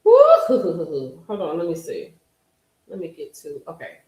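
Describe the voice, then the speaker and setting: Speaking slowly in a fairly low, slightly mellow voice with huge pitch swings, a woman in her forties chats with her livestream viewers, telling gossipy stories straight to them. The audio carries a roomy echo.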